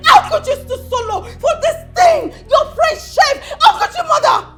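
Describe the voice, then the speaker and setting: A shrill, furious Nigerian daughter. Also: female voice, expressive, moderate pace, soft background music. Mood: ashamed, furious. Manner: shouting, scornful and tearful. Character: outraged young woman, disgusted with her mother. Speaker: daughter confronting her mother. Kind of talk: Nollywood film acting.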